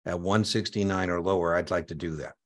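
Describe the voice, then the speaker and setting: A man's voice: low voice, steady tone, fairly quick, dry recording, close to an everyday voice. A man voicing an easily offended woman client. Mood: complaining. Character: female brokerage client, touchy and easily offended.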